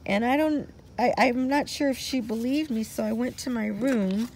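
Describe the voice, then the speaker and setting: A woman's voice: a little high, normal speed, darkish tone, slight background noise. A woman in her sixties telling a personal story in a meandering way that keeps circling back. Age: 60s. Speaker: vlogger.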